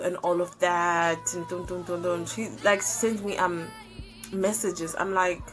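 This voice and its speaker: Young woman, South African accent, casual storytime, lively and profane, faint music behind. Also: on the low side, a little slow. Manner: animated, swearing, hesitant fillers. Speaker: YouTuber.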